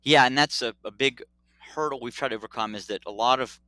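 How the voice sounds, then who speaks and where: A middle-aged man, a doctor, telling a story in a casual interview, animated and acting out dialogue. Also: medium pitch, fast, smooth, dry recording. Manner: animated, acts out dialogue, laughs often. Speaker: pediatric urologist guest.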